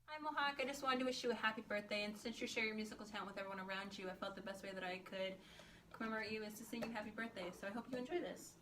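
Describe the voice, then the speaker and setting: A woman recording a sincere birthday message, speaking softly and quickly. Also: mid-range voice, noisy background.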